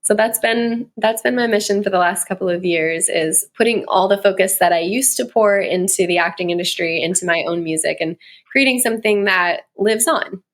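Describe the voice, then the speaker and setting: A woman in her thirties talks as a guest on an interview show, telling long stories in a loose, chatty way. She laughs often between thoughts, and her voice sits at an ordinary middle pitch. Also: normal speed. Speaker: guest, communication coach and musician. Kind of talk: casual interview chat.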